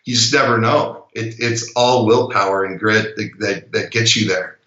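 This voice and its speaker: A middle-aged man as a guest in a casual interview, telling stories reflectively with soft laughs. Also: on the low side, moderate pace, reverberant, dull audio.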